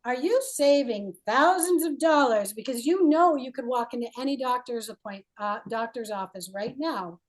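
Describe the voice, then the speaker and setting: A woman's voice: fairly high pitch, expressive, moderate pace, hardly any pauses. A woman leading a healing coaching call, playful and encouraging, asking leading questions.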